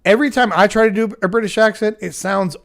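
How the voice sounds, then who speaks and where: A man's voice: high voice, quick pace, creaky, fairly bright tone. American guy chatting on his livestream, rambly, keeps restarting, pokes fun at himself. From United States. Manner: rambling and self-mocking, many fillers and restarts. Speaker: livestream host. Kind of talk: casual livestream chat.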